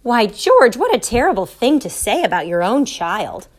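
A prim, proper mother who is quick to take offense, as a woman reader puts her on. Her voice is pitched higher and louder than the narration. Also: huge pitch swings, full character voice. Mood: indignant. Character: proper, easily shocked mother.

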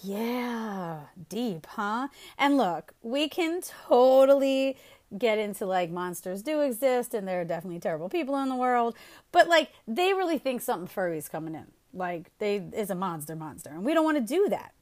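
A woman's voice: a little high, sing-song, a little fast, a little mellow. Chatty woman giving parenting advice, laughs a lot, bouncy up and down voice. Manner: chatty, laughs often, upbeat. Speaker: host.

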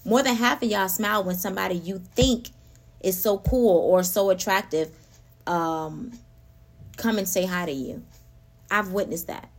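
A woman in a middle pitch hosts a casual talk about faith and everyday life. She is animated and laughs often, speaking straight to her listeners. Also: measured pace. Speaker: podcast host.

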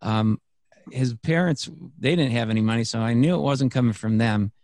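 A man's voice: mid-range voice, normal speed, darkish tone, no echo, studio quality. A man, a podcast guest, telling a personal story in a rambling, earnest way, full of fillers and restarts. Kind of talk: casual storytelling conversation.

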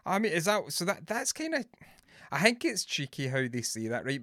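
A man's voice: on the high side, lively intonation, normal speed, pushed and bright, no echo, clean studio sound. A Scottish man co-hosting a casual podcast, sweary and rambling. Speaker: podcast co-host. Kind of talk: casual chat.

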